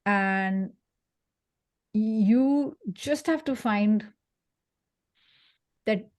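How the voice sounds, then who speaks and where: A woman gives an animated career-coaching talk to an audience, laughing along the way and acting out quoted voices. She has a mid-range voice and speaks extremely slowly.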